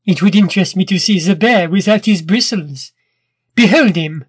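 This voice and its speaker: A man voicing a sly, sneering male inventor who mocks his captives in smooth, cruel tones. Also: high-pitched, moderate pace, a little hiss or hum, natural voice. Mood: mocking. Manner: smooth, mocking, then stammering when scared.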